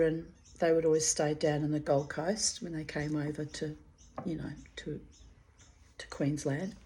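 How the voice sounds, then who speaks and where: A middle-aged woman reads her own memoir aloud in a fairly low voice. She lingers fondly over memories, breaking off into chatty asides. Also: darkish tone. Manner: fond, reminiscent, digressive asides and laughter. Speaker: memoir reader.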